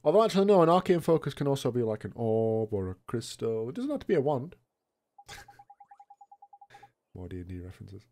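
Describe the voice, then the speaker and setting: Guy doing a let's play, mellow voice, laughs a lot, swears, jokey. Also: medium pitch, very animated, fairly quick, pauses often. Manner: laughing often, swearing, joking asides. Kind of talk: gameplay commentary.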